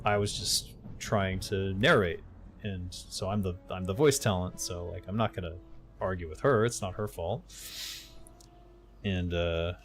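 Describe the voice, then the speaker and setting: Here a middle-aged game streamer and voice-over narrator speaks in a low, unhurried voice. He mutters as he plays a game on a live stream, later turning to chat openly with his audience in a relaxed, casual way.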